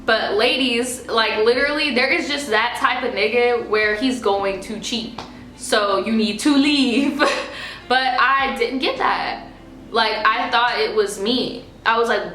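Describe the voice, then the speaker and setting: A woman's voice: fairly high pitch, takes it slowly, bright, forceful tone. A young woman vlogger telling a personal story in a blunt, profane, casual way, acting out what was said. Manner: blunt and profane, acting out quoted lines with rising emotion. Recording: echoey room with faint music.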